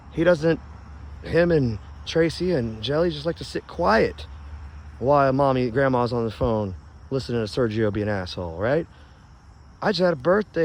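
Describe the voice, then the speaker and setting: Gravelly angry man ranting outdoors. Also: medium pitch. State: stoned. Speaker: vlogger. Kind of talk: rambling outdoor phone vlog. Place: outdoors in his yard. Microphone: phone camera.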